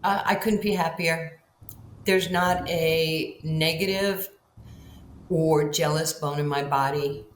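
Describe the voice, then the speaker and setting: An older woman tells stories in an interview, her voice sitting fairly low. She acts out quoted lines with big swings in pitch. The sound carries an echoey room with faint ambient hiss. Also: steady tone, takes it slowly. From Far Rockaway, Queens, New York. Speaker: guest, basketball Hall of Famer. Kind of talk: storytelling in a podcast interview.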